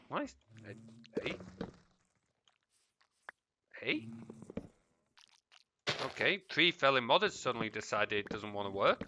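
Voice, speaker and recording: A man's voice: medium pitch, expressive, unhurried, pauses often, pushed and bright, highs cut off. A man chatting casually while streaming a game, cursing at mobs and muttering asides to viewers. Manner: swears freely, mutters asides, chats to viewers. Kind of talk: casual gameplay stream chat.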